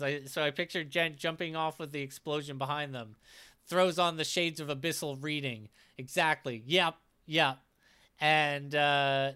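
A man runs through a tabletop game session as its game master, reading out what each player said. His voice is bright, crisp and a little high, and his talk is casual and full of small restarts.

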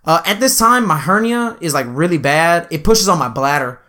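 Brief: relaxed, swearing male co-host spinning a long story, slightly higher pitch. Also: moderate pace. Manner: laid-back, profane, laughs while telling stories. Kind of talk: casual storytelling chat.

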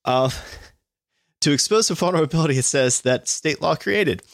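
A man's voice: fairly high pitch, normal speed, creaky, dry recording, studio quality. A man co-hosting a podcast, reading news stories aloud and adding sarcastic, profane comments and laughs. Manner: sarcastic, laughs often, swears.

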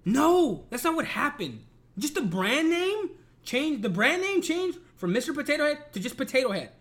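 A man's voice: very high voice, sing-song, moderate pace, fairly bright tone. A man in a casual, profane rant, talking in an exasperated and emphatic way. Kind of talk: casual ranting commentary.

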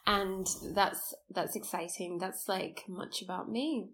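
A woman in her late twenties co-hosts a podcast at an unhurried, slow pace. Her voice is medium in pitch, and she teases and jokes in easy chat. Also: steady tone, a bit bright. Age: 20s. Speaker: podcast co-host. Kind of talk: casual chat.

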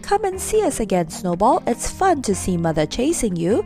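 Storybook role: woman doing excited little piglets, high and squealing. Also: normal speed, faint music behind.

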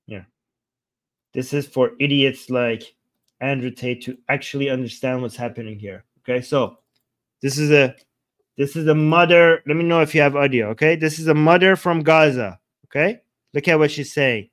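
A man's voice: mid-range voice, moderate pace. A man hosting a livestream, reacting heatedly to a clip, trading insults and rambling while he screen-shares videos. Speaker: livestream host.

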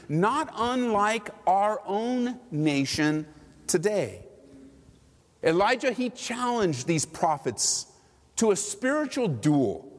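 Pastor guy preaching, high voice that swings all over, big reverby hall. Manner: animated preaching with rhetorical questions. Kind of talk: sermon.

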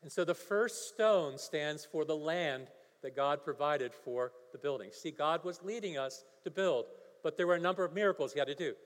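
A man's voice: a little high, moderate pace. A male pastor preaching a sermon, telling a story and building to emphatic preaching. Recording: long hall reverb.

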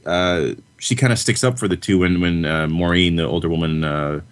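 Deep-voiced Canadian man, dry and sarcastic. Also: normal speed, clear, resonant tone. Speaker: podcast co-host. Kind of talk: casual film review chat.

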